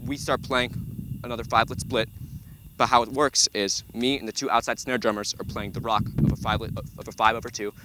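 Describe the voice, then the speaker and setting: A young man, a center snare drummer, walking through a drum break step by step with frequent ums. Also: lowish voice. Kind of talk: instructional walkthrough. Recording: loud background noise.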